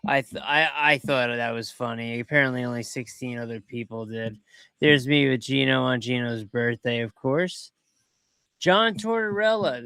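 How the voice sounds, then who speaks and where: Male podcast host, a touch high, smooth and clear, rambling casual commentary. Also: dry recording. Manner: rambling, chatty, quick to get excited. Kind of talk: casual commentary over video clips.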